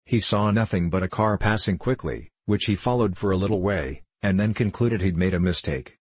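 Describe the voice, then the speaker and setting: Guy reading jaded gentleman sleuth, low husky voice, dry ironic drawl. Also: normal speed, no echo. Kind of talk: audiobook dialogue reading.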